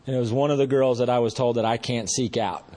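A man's voice: medium pitch, steady tone, fast talker, darkish tone, slight background noise. Earnest man sharing a recovery story. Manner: earnest, rambling, conversational with restarts. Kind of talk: personal testimony at a meeting.

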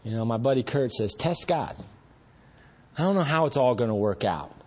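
Telling his recovery story at a meeting, a man speaks quickly and animatedly in a medium-pitched, somewhat mellow voice. He comes across as earnest and rambling, talking conversationally and frequently starting over.

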